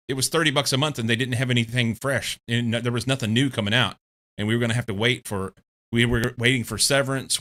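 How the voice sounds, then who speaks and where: Bright-voiced swearing male gamer. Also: medium pitch. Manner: swears freely, laughs often, rambling. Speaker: game streamer. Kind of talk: casual chat while playing.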